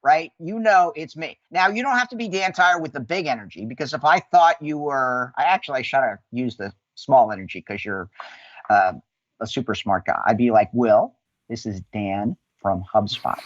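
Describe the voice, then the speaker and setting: A man coaching on sales calls with high energy, acting out phone greetings in quoted voices. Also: normal speed, a bit bright, no echo. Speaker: sales guest. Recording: dull lo-fi sound.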